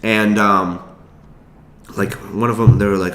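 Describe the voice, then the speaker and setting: A young man talks straight to his audience in a loose, rambling vlog story, full of swearing, restarts and quick asides. His voice sits fairly low. The room around him rings with echo. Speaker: vlogger. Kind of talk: casual storytelling monologue.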